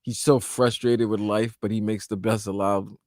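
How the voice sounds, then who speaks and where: A man's voice: on the low side, little pitch movement, moderate pace, a little mellow, no echo, studio quality. A man co-hosting a sports radio show, trading jokes and teasing banter.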